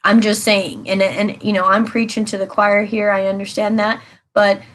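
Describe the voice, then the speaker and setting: Woman tarot reader, chatty, earnest, repeats points for emphasis, mid-pitched everyday voice. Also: flat delivery, moderate pace, slight background noise, poor audio. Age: adult with children. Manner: earnest, rambling and repetitive, with emphatic advice. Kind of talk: casual spoken tarot reading to viewers.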